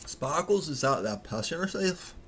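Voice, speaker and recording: A man's voice: fairly high pitch, big pitch swings, normal speed, a bit bright, slight background noise. Swearing, jokey livestream man from Manchester. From Manchester, England. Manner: jokey, swears freely, laughs at himself. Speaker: livestreaming miniature painter. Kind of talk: casual livestream chat with viewers.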